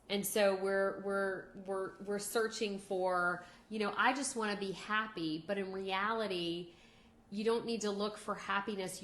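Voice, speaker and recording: A woman host talking reflectively in a casual chat. Her middle-pitched voice carries a roomy echo in the recording. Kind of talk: casual talk-show chat.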